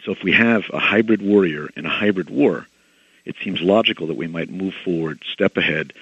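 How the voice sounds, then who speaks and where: Radio guest guy, calm and methodical, really deep husky voice, dry dull sound. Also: no echo. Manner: measured, explanatory, policy-wonk phrasing. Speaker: guest author on a legal topic. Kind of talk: radio interview.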